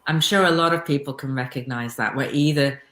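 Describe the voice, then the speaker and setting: A woman hosting a conversation podcast, thoughtful and affirming, with gentle laughter. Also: rumbling low, a little fast, reverberant. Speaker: host, Alexander Technique teacher.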